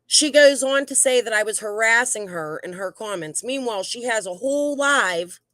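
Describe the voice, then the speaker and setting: A woman's voice: fairly high pitch, expressive, moderate pace, fairly bright tone, no echo. A woman hosting her own channel, reading out messages in heated, rambling commentary with many restarts. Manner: aggravated, defensive, rambling with restarts. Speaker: YouTube channel host.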